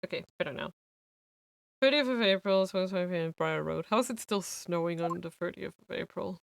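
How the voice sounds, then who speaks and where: A woman's voice: fairly low pitch, a little fast, creaky, no room sound. A woman streaming a game playthrough, talking in a chatty, wry way. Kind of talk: casual game playthrough commentary.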